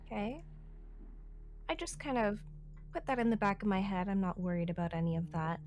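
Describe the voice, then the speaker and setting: Breezy, lively-voiced woman player. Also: medium pitch, quick pace. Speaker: tabletop game player.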